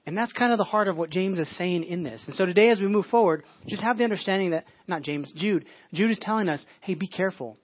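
Fast-talking man preaching a casual sermon. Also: high-pitched, no room sound, muffled recording. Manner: conversational preaching with frequent restarts and "like" asides. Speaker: pastor.

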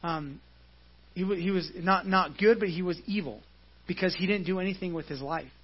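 A man with a high, husky voice preaches a relaxed, conversational sermon, walking his listeners through scripture and tossing in "right?" along the way. The recording is dull and muffled, like a church service captured on modest equipment. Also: normal speed. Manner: explains scripture casually, often asks "right?". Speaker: pastor.

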